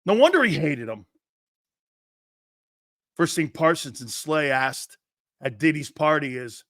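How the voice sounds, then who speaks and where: A man doing crude, sarcastic sports talk, mimicking others in jeering voices and laughing often, swinging between loud outbursts and low mutters. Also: very animated, unhurried, long pauses, no room sound, clean studio sound. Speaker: sports commentator.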